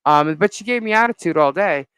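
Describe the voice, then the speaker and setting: A woman live-streaming as a vlogger, telling a gossip story in an animated, indignant way with lots of fillers. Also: fairly low pitch, brisk, smooth, no room sound, rough recording.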